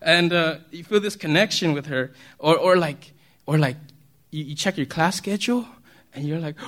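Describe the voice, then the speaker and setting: A man with a voice pitched a little above most men preaches in a loose, conversational way. He keeps checking in with the congregation through quick questions and chuckles easily. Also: a bit bright. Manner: chatty, asks the congregation questions, chuckles often. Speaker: pastor. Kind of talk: casual conversational sermon.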